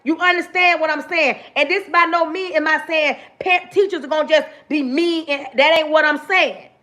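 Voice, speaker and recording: A woman's voice: high voice, steady tone, moderate pace, pushed and bright. A woman teacher livestreaming, speaking emphatically and repeating herself as she talks straight to her viewers. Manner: emphatic, repetitive, direct address to viewers. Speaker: livestream host. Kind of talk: casual livestream rant.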